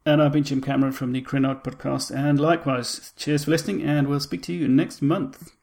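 A man co-hosting a fan podcast, talking in a relaxed, conversational way. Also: fairly high pitch, brisk, gravelly. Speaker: podcast co-host. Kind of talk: casual chat.

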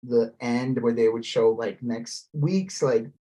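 Man, podcast co-host, casual chat, rambling, animated, swears a lot, mid pitch. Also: takes it slowly. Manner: rambling, animated, swears freely and mimics posh voices.

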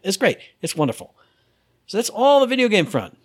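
A man chatting on a podcast, his pitch swinging high and low as he acts out little scenes from his week. The sound is dry and close, with no room around it. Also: a little fast, slightly rough, dry recording. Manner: animated storyteller, acts out his own inner voice. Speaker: podcast co-host. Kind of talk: casual chat.

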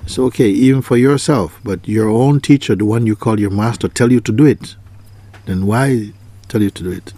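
In a warm, lowish voice at a moderate pace, a man teaches a spiritual lesson. He asks pointed questions, often says his phrases again, and takes on the voices of the people he quotes.

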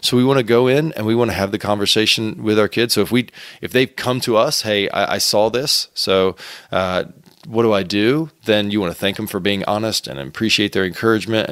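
A man, a pastor and author, giving earnest, gentle answers in an interview, often restarting and repeating words. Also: on the low side, dry recording, clean studio sound.

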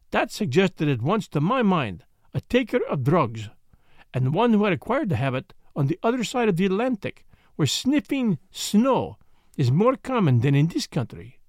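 A man reading the part of a grave, self-assured male detective with a pompous, deliberate manner. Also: sits high, no room sound, studio quality, exaggerated voice. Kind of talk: audiobook character reading.

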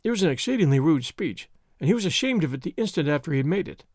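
A male audiobook narrator tells a classic story in a measured, expressive storytelling manner. His voice is on the high side, and the recording is studio quality with no room sound.

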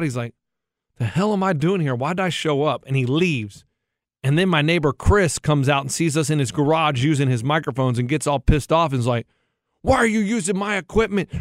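A man's voice: on the high side, no echo, clean studio sound. Rambling man telling a story on a talk podcast. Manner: rambling storyteller, acts out others' lines. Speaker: radio show co-host. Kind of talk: casual chat.

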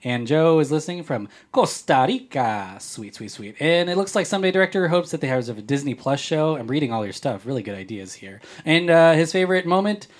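A man's voice: on the high side, animated, fairly quick, few pauses. A man hosting a casual podcast, joking around and reading listener comments aloud in a playful way. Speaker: podcast host.

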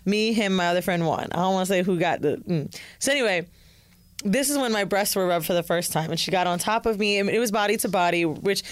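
A woman's voice: mid-range voice, quick pace, dry recording. A woman co-hosting a casual podcast, talking bluntly and matter-of-factly. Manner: blunt, frank, matter-of-fact storyteller. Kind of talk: casual chat.

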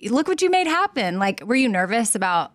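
A woman's voice: fairly high pitch, big pitch swings, fairly quick, a bit bright, no room sound, studio quality. A woman co-hosting a podcast, chatting casually and reading sponsor ads in an upbeat, encouraging way. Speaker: podcast co-host. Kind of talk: casual chat and host-read ads.

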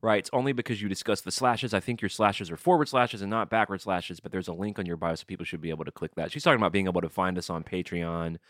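A man's voice: low-pitched, fast talker, hardly any pauses, a bit bright, no echo, clean studio sound. A middle-aged man co-hosting a podcast, casually chatting and reading listener emails aloud with easygoing asides. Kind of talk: casual comedic chat.

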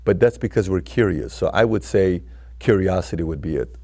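A man being interviewed as a guest, telling stories in an animated way and often restarting and repeating his words. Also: deep voice, brisk. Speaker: podcast guest. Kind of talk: interview conversation.

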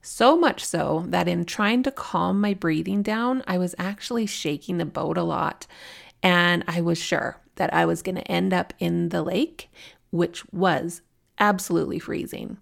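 A woman's voice: on the low side, a little slow, gravelly. A woman in her forties hosting a podcast, telling a personal story in a candid, heartfelt way. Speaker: podcast host.

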